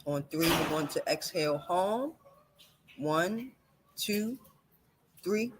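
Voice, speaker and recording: Guest man leading a guided breathing exercise, calm slow counting, voice a bit on the high side. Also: background noise. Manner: calm, slow counting instructions with warm laughs.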